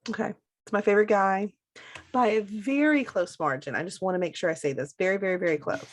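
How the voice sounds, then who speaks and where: A woman's voice: medium pitch, quick pace. A woman with children co-hosting a podcast, chatting casually about TV characters and agreeing often. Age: adult with children. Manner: agreeable, backchannels a lot. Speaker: podcast co-host.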